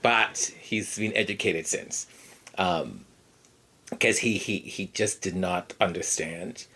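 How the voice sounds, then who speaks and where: A podcast host giving casual personal commentary in an animated way, acting out quoted lines and dropping into quiet asides. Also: low voice, takes it slowly, breathy edge.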